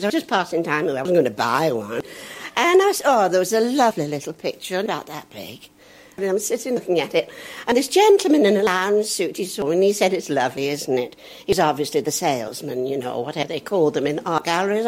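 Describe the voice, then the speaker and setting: An older woman from northern England, a veteran actress telling chatty, self-mocking comic stories. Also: on the low side. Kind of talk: comic anecdote.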